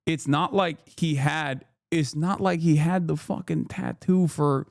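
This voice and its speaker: Man, fairly high voice, dry close sound, casual stream rant, incredulous, cursing. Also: measured pace, vocal fry, few pauses, no room sound. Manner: incredulous, profane, swings into loud exasperated outbursts. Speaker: streamer reacting to news. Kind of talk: casual livestream commentary.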